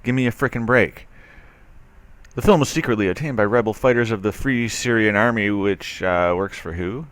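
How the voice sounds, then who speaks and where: A man's voice: lowish voice, moderate pace, fairly bright tone, dry recording. A man reading a news article aloud and commenting on it, skeptical and sarcastic, with loose talk full of fillers. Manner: loose, with frequent fillers and restarts. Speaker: commentary video host.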